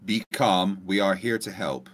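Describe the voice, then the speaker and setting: A man voicing a cold, commanding Borg crew member in flat, clipped, emotionless speech. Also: low-pitched, unhurried.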